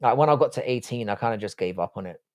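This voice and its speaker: A man's voice: on the low side, lively intonation, fast, dry recording, studio quality. A man in his forties who grew up in England, hosting a live stream and reading viewer comments in crude, profane banter.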